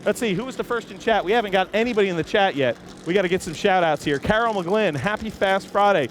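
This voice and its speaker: A man's voice: high-pitched, fast talker. A man hosting live, enthusiastic walk-around commentary in an outdoor race-car garage, chatting with viewers while filming on a camera he holds himself. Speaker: host. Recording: noisy outdoor garage, engines running. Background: engines and garage noise.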